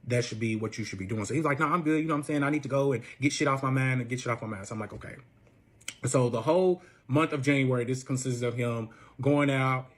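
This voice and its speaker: A young man rattles through a personal story at a brisk, tumbling pace. His talk is casual and full of swearing. He acts out the people he quotes by lifting his voice. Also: mid-range voice. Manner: profane, animated, acts out quotes in a raised voice. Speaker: storyteller guest.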